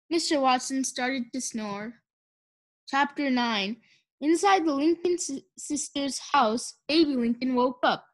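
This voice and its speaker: A woman narrating a children's storybook with clear, measured pacing. Her voice is high. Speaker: audiobook reader. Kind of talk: children's storybook read-aloud.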